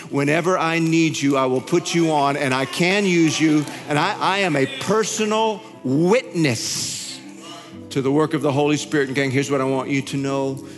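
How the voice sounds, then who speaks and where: A male pastor telling a story in his sermon, animated, his voice climbing high when he gets excited. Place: large church hall. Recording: hall reverb with faint music.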